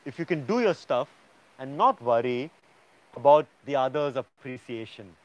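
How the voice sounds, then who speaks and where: A man's voice: mid-range voice, animated, moderate pace, muffled recording. A man teaching a yoga class, lecturing students emphatically and often checking in with "yeah?".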